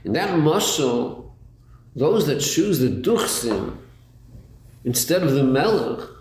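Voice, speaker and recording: A man's voice: on the high side, animated, slow, darkish tone. A man teaching a Chassidus class, asking rhetorical questions and repeating words as he thinks it through. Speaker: Torah teacher. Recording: echoey room with faint noise.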